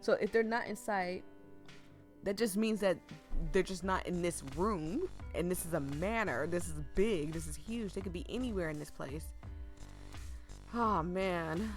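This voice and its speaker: A woman reading a story game aloud, breaking off into excited, chatty asides, and losing her voice. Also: lowish voice. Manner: excitable, chatty asides between read lines. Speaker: gaming streamer. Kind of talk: reading a visual novel aloud with live reactions.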